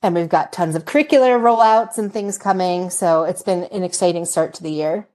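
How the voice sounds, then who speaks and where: A woman's voice: on the low side, a little fast, few pauses, darkish tone, slight background noise. A woman hosting an education podcast, chatting and interviewing in a friendly way. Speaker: podcast host. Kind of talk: casual chat.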